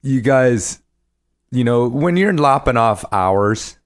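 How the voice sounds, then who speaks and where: Hosting a casual podcast interview, a man asks long, rambling questions packed with fillers and restarts. He speaks slowly in an animated, mid-range voice, captured in clean studio sound with no room ambience.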